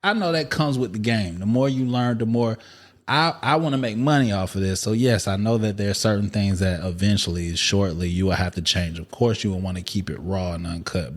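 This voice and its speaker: Candid slangy man chatting on a podcast. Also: sits low. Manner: loose, repetitive, slangy and candid. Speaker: podcast host. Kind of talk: casual chat.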